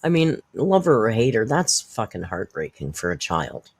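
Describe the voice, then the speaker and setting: A woman hosts a reaction commentary, cutting in with blunt, sarcastic remarks and plenty of swearing. Her pitch swings widely as she mocks and reacts. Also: sing-song, moderate pace, slightly rough. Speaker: commentary channel host.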